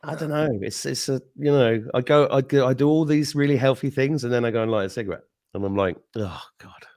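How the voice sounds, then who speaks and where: A man's voice: mid-range voice, fast, a little mellow, dry recording, clean studio sound. A man in his fifties hosting a casual podcast chat, rambling through stories with swearing and laughter. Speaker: show host.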